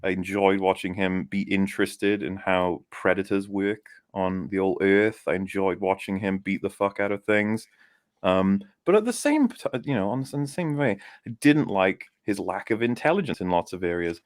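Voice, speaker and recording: A man with a low voice, recorded dry and close. He chats casually as a regular panelist, teasing his friends and rambling along while he works out what he thinks. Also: moderate pace, no echo. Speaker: podcast panelist. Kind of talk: casual chat.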